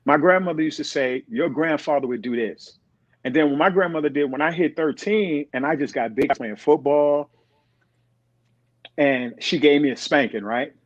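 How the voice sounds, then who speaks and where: Animated middle-aged man telling stories. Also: on the high side, moderate pace, dry recording. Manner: animated, acts out quoted voices. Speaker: podcast guest. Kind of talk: storytelling in conversation. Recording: dull, dry recording.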